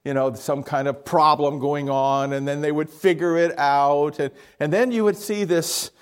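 A man's voice: fairly high pitch, fairly even intonation, normal speed, clean tone. A man preaching a conversational sermon, asking his congregation questions and correcting himself as he goes. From Miami area, Florida.

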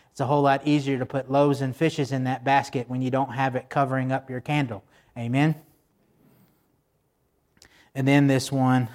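A man preaching a sermon in a conversational way, turning to the congregation with asides and slowing down to stress the scripture he quotes. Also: medium pitch. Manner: slows down for emphasis when quoting scripture. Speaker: pastor.

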